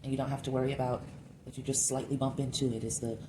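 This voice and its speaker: Low-voiced woman w a slight lisp chatting thru her craft project, noisy room behind her. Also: fast. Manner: relaxed, thinking aloud while working. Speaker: craft vlogger. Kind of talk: casual crafting narration.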